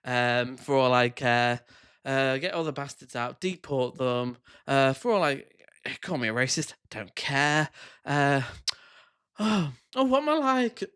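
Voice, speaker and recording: A man's voice: medium pitch, lively intonation, slow, a bit bright, smooth. A man putting on a sarcastic, sing-song voice of a whiny woman making excuses. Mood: mocking.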